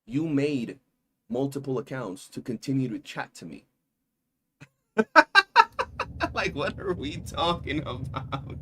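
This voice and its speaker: A man streaming live, telling stories in a casual, animated and profane way. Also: mid-range voice, slight background noise. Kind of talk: casual livestream chat.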